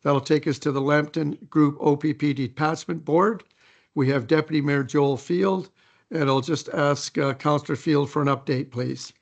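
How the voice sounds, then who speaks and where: A man chairing a council meeting in a council chamber, reading his report and calling motions in a measured, procedural way. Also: a little high, fairly even intonation, gravelly, muffled recording.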